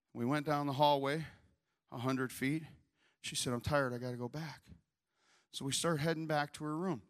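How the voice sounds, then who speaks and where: A middle-aged man preaching a sermon, telling a story and building up to shouted, fiery preaching. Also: fairly high pitch, gravelly. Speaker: pastor.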